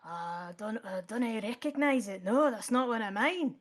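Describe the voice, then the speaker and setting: A woman's voice: on the high side, lively intonation, normal speed. A woman voicing a flustered, forgetful older male professor, crude and rambling, in a shaky put-on British Isles accent. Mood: confused. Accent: put-on British Isles accent, by own admission poorly done. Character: muddled older male professor, freshly dead.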